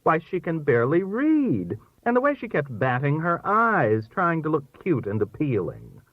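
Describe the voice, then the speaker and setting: A man's voice: on the high side, wildly swooping pitch, normal speed, no echo, pitched above the performer's own voice. A man reading aloud and voicing a scornful, theatrical middle-aged wife who complains dramatically. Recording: thin phone-like dry sound.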